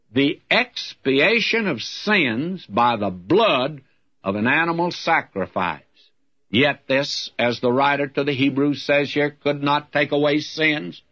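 A man's voice: mid-range voice, highs cut off. A man preaching a sermon in a folksy storytelling manner, calling the listener "my friend.". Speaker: radio Bible teacher.

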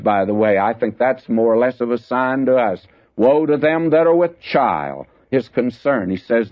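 An older man giving folksy radio Bible teaching, lifting his voice when he reads the verses. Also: medium pitch. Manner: folksy, reads scripture with raised emphasis. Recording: dull lo-fi radio broadcast.

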